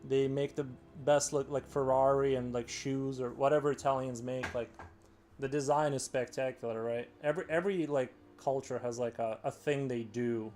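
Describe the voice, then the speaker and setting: A man hosting a live stream, talking loosely to his viewers. He wanders from thought to thought and fills his sentences with "like" and "um." His pitch sits in an ordinary middle range. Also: fairly even intonation, normal speed, darkish tone, soft background music. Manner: rambling, heavy filler "like". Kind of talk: casual live-stream chat.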